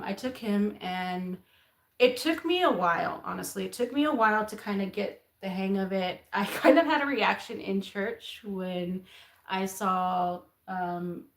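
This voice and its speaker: A young woman co-hosts a casual chat alongside her husband, the host, telling an animated story full of laughter and acted-out quotes. Her voice sits in the mid range and she speaks at a measured pace. The room gives the recording a noticeable echo.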